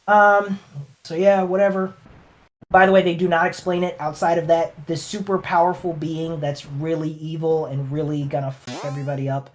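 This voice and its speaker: A man's voice: on the high side, level tone, moderate pace, slight background noise. A man hosting a commentary video, ranting in a profane, sarcastic, emphatic way. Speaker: channel host, reviewer.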